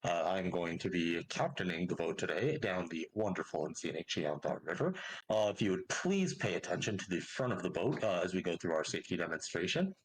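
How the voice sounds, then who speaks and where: A man's voice: expressive, a little fast, a little hiss or hum, poor audio. A man doing a pompous riverboat captain. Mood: formal. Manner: formal sales-pitch announcements. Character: pompous male riverboat captain, cruise announcer.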